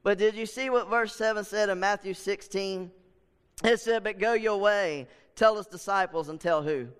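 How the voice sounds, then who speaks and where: Preacher guy, high clear voice, fired-up repeating sermon, big church echo. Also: moderate pace, fairly bright tone. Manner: preaching with rising fervor and repetition. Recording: long hall reverb.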